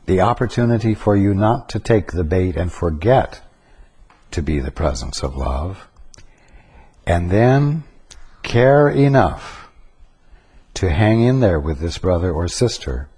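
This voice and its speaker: A man giving a spiritual teaching talk, slow and deliberate, pausing to stress single words. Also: sits low, animated, dark tone, breathy edge.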